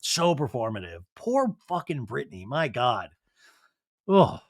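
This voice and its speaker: Man, podcast host, reality TV recap, sarcastic, lively pitch, dry sound. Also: measured pace, dry recording. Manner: animated and sarcastic.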